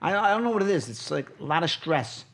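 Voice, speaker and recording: A man in his fifties chatting casually, an animated storyteller who swears freely. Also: fairly high pitch, brisk, slight background noise. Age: 50s. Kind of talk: casual chat.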